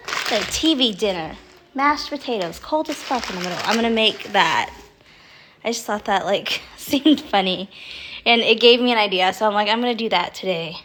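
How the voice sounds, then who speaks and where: A young woman livestreams casually from home on her phone, her mid-range, slightly bright voice moving at a moderate pace with lively intonation. She's chatty and rambling, laughing often and swearing freely.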